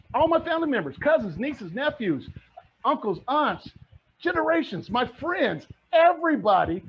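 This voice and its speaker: A middle-aged man with a voice that sits high gives a motivational presentation as a real estate mentor, fired up and repeating himself like a preacher. The lo-fi recording is muffled, with slight background noise.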